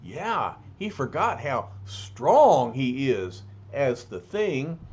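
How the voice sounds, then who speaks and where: A man's voice: mid-range voice, big pitch swings, very slow, few pauses, a little mellow, breathy edge, lo-fi sound. A man reading a comic book aloud and narrating it, with chatty asides between the lines. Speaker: reader.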